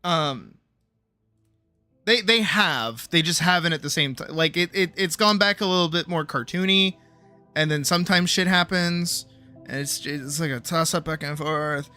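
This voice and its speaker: A streamer and animator ranting casually on a livestream, swearing a lot and swinging between low mutters and shouted outbursts. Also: normal speed, soft background music.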